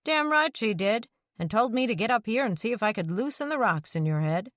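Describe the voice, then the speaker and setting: Woman reading as a mischievous younger brother, teasing and jokey, voice pitched up and lively compared with her narration, close and dry. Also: a little fast, no echo, lightly acted.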